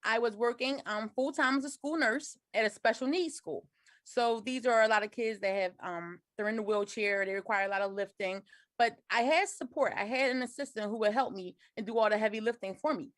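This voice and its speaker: A woman's voice: fairly high pitch, brisk, fairly bright tone, no room sound, studio quality. A woman in her forties telling a personal story in an earnest, detailed way, on a video call. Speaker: guest sharing her story.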